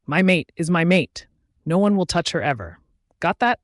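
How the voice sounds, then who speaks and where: A man's voice: on the high side, very animated, normal speed, no echo, clean studio sound. A man reading an audiobook, voicing a brutal, possessive young male werewolf alpha in a harsh, menacing tone.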